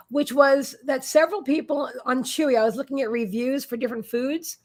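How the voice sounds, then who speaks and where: A woman with a high voice, gravelly and a little husky, chats from her desk at home in an animated, brisk way. She hosts a psychic live stream and rambles casually between stories, often turning to talk to her pets.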